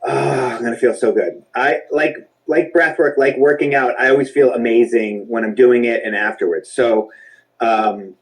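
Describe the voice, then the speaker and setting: A man's voice: mid-range voice, steady tone, moderate pace, rough recording. A man leading a breathwork class, giving casual spoken instructions in a reassuring, chatty way with the odd swear word.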